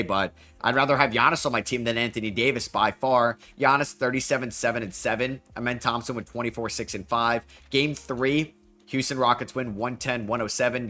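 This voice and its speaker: A young man commentating his basketball video game as he plays, excitable and quick to groan and yell at bad plays. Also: medium pitch. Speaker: gaming YouTuber. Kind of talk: game commentary while playing.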